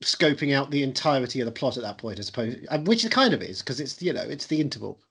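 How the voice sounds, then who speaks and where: A man with a husky, breathy voice, giving his opinions on a film in a casual chat. He jokes and acts out quick mock quotes, at a middle pitch. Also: lively intonation, a bit bright. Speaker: podcast co-host.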